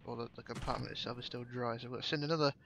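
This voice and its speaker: A man's voice: mid-range voice, fairly even intonation, rapid-fire, vocal fry, noisy background. A man giving casual, chatty commentary while playing a game, swearing now and then and thinking aloud. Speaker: gameplay commentator.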